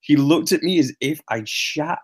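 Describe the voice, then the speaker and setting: A man's voice: a little high, moderate pace. A man co-hosting a casual comedic podcast, bantering loosely and laughing between profane remarks. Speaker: co-host.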